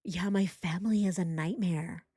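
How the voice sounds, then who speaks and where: A woman's voice: lowish voice, normal speed, mellow, husky, dry recording, studio quality. A woman putting on a whiny, self-pitying grown man in a mocking, sing-song voice.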